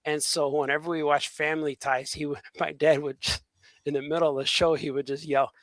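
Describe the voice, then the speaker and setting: A man with a fairly high, very bright and forceful voice, recorded dry and close. He reminisces and jokes with a chuckle in a relaxed podcast chat. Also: fairly quick, no echo. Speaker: podcast co-host. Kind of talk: casual chat.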